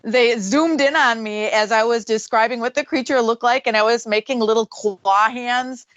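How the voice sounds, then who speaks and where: A woman tells her story on a talk show in a slightly high voice. She acts out the people she quotes. The sound is dry and a touch muffled. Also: fairly even intonation, moderate pace, a bit bright, no echo. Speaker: guest paranormal investigator. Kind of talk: casual storytelling on a radio show.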